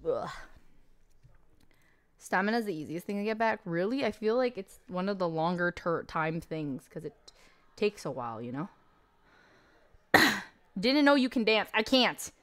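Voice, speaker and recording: A woman's voice: mid-range voice, sing-song, unhurried, pauses often, a bit bright. A woman streamer in casual livestream chat, chatty and self-deprecating as she answers her viewers.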